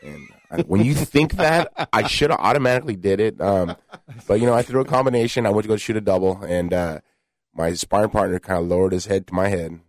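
A man's voice: lowish voice, a little fast, dry recording. A man guesting on a radio show in a studio, talking in a brash, boastful way with lots of fillers. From United States. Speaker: fighter guest. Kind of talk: radio interview.

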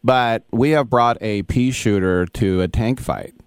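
A man's voice: medium pitch, measured pace, smooth. A man hosting a sports radio show, talking in a rambling, digressive, wry way. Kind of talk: opinionated sports talk monologue. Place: radio studio.

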